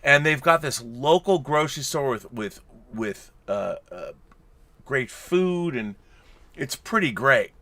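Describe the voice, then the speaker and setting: A man's voice: mid-range voice, lively intonation, slow pace, pushed and bright. A middle-aged man co-hosting a casual, tipsy live-stream chat, reading viewer messages with jokey, stumbling restarts. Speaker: podcast co-host reading super chats.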